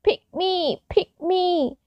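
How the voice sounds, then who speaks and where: A woman voicing a small, eager young male fir tree in a children's story, wistful and excitable. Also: very high-pitched, very slow, no echo, lo-fi sound, pitched above the performer's own voice, exaggerated voice. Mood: excited.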